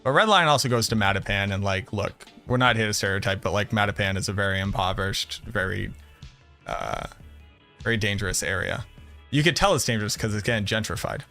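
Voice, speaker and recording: A man's voice: fairly low pitch, lively intonation, fairly quick, pushed and bright, faint music behind. A man from the Boston area with a Boston accent, chatting casually and brashly with viewers on a game livestream, swearing and joking. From Boston area, USA. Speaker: game streamer.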